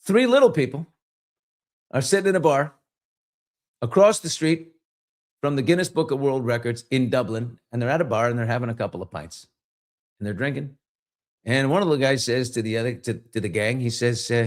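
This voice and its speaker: A man's voice: mid-range voice, normal speed, long pauses. A man hosting a podcast, chatting casually and telling jokes with exuberant energy. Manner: animated, exuberant storyteller. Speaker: podcast host. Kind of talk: casual chat and joke telling.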